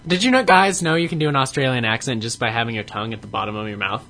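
Bright-voiced man in casual rambling chat. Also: mid-range voice, very fast, a little hiss or hum. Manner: rambling, swears freely, laughs at own jokes. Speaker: podcast co-host.

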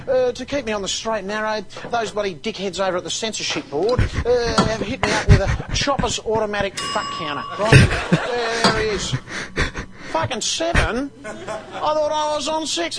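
A crude, cocky Australian hard man, performed by a man in a TV sketch. The voice sits strikingly high and keeps tripping over filler sounds between curses. Loud noise rumbles behind it all through the clip. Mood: swearing rant. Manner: swears constantly, rambles with "uh"s, crude. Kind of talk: TV sketch comedy.

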